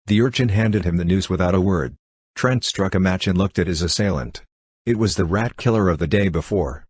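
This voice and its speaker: Male audiobook narrator, steady reading, deep voice, husky, dry close sound. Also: fairly quick, no room sound. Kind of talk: scripted narration.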